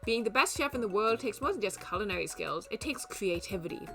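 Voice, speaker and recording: A woman's voice: mid-range voice, animated, a little fast, music in the background. A young woman streamer reading a dating game's text aloud, adding playful, wry asides.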